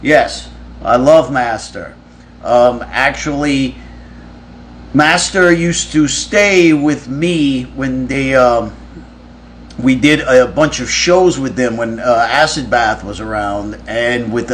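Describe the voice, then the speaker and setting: Male streamer, casual profane storyteller, middle pitch, light background noise. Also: slow pace. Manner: rambling, profane, with frequent restarts. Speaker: musician answering fan questions on a live stream.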